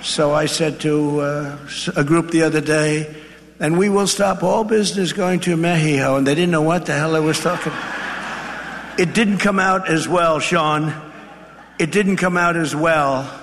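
A man's voice: a little high, steady tone, unhurried, fairly bright tone, slight background noise. A man giving a political speech to a factory crowd, rambling and repetitive with boastful asides. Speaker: speaker addressing a factory crowd. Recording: long reverb of a large venue, faint ambience.

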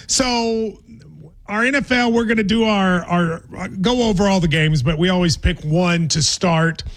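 A man from Kentucky hosting a sports radio show and podcast, playful and quick to laugh in casual talk. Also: sits high. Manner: playful, animated, laughs often.

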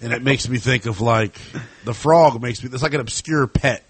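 A man's voice: medium pitch, normal speed, breathy edge, dry recording. A man hosting a sports talk show, chatting casually with lots of fillers. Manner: conversational, animated, lots of fillers.

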